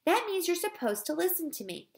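A woman's voice: medium pitch, fairly quick, lightly acted. A woman reading aloud, voicing a fed-up schoolteacher who sounds aggrieved and indignant, in a somewhat raised voice.

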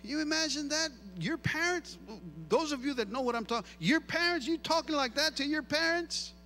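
A middle-aged male pastor preaching an animated sermon, switching between two languages and repeating phrases for emphasis. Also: very high voice, fairly quick, slight background noise. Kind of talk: bilingual sermon.

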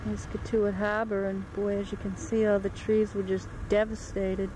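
A woman's voice: mid-range voice, flat delivery, moderate pace, background noise. A woman speaking matter-of-factly, chatting with friends and narrating a home video by a harbor. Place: outdoors by a harbor.

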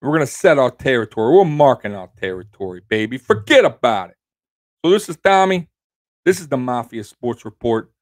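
A man hosting his own sports prediction show, brash and trash-talking, swinging between loud hype and low growly asides and tagging lines with "baby". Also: lively intonation, fairly quick, dry recording, clean studio sound. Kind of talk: fan score prediction rant.

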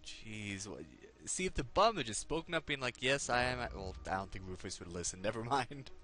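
A man's voice: medium pitch, lively intonation, a little fast, pushed and bright. A man giving laid-back, chuckling commentary while playing a video game. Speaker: let's play commentator. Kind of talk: casual gameplay commentary.

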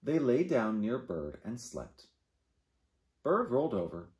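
A man, a children's librarian, reading a picture book aloud to kids in an animated, playful way. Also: mid-range voice, takes it slowly. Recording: echoey room.

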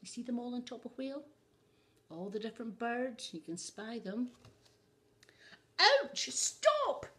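A woman's voice: fairly high pitch, moderate pace, a little mellow. A woman reading a picture book aloud to children, adding asides for young listeners. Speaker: storyteller.

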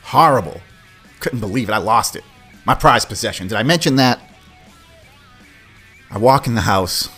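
Dude spinning a childhood yarn, kinda low voice, cusses a lot, faint music behind. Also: male voice, moderate pace, long pauses, breathy edge. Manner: animated, swears, acts out quoted voices. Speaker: podcast host. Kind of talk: casual storytelling.

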